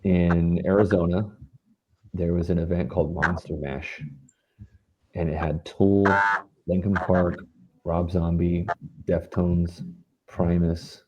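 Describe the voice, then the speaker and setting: A young man from Los Angeles, a band member being interviewed, telling tour stories in a casual, animated way and acting out quotes. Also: low-pitched, slow, pauses often, muffled recording, slight background noise. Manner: animated storyteller, acts out quotes.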